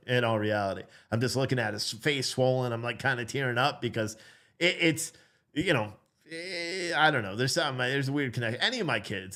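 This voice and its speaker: A man who is a father, telling a story in a casual, animated way, blunt and swearing, acting out the voices in it. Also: mid-range voice. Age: adult father. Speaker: vlogger.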